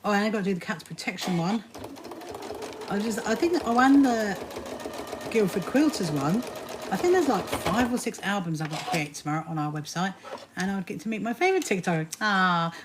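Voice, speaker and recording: A woman's voice: mid-range voice, lively intonation, a little fast, background noise. A woman hosting a casual sewing live stream from home, chatting with viewers and laughing often.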